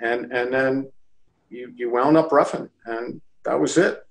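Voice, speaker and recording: A creaky, mid-range male voice comes at a measured pace on a low-quality recording. The speaker, a lacrosse official from around Baltimore, is a guest in a casual interview. He animates his story by acting out the quotes.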